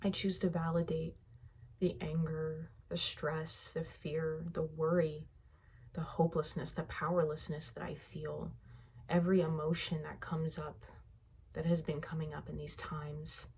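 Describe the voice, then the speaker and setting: Low, flat-voiced woman guiding tapping. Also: creaky, husky. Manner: slow, heartfelt first-person affirmations. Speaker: EFT tapping guide. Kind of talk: guided tapping session.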